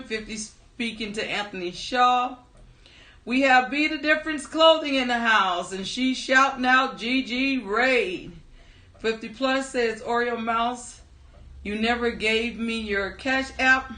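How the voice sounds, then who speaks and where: A woman's voice: on the high side, bright, forceful tone, echoey room. A woman hosting a live stream, greeting viewers by name in an upbeat, chatty way before starting her story. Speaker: livestream storyteller host. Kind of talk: casual live-stream chat.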